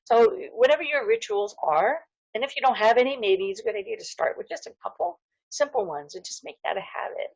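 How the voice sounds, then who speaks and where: A woman's voice: on the high side, expressive, a little fast, vocal fry, breathy edge, no echo, rough recording. A middle-aged woman giving a casual, heartfelt wellness talk to camera, earnest and full of fillers and restarts. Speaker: holistic dental hygienist.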